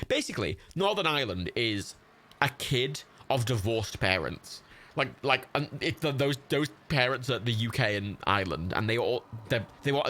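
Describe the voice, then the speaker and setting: A young Englishman streams a game and rambles through casual, sweary commentary, laughing as he goes. His voice is gravelly and bright with a lively, bouncing pitch. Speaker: livestreamer. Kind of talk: casual let's-play commentary.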